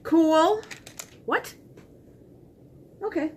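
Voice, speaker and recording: A woman's voice: very high voice, very slow, slight background noise. A middle-aged woman chatting casually as she unboxes and tries on makeup, rambling and talking to herself. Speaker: beauty vlogger.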